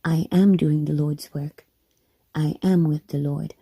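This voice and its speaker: A woman tells a personal story to her viewers, her voice a touch low and mellow. She leans on drama, slipping into whispers and stacking words for emphasis. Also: steady tone, a little slow, husky. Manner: repeats and restates words. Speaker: vlogger.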